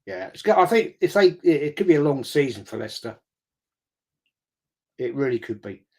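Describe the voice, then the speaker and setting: A man's voice: a little high, lively intonation, moderate pace, creaky, a little mellow, slightly rough. A man hosting a football watch-along live stream, reading viewer comments and answering them bluntly and combatively, with frequent swearing.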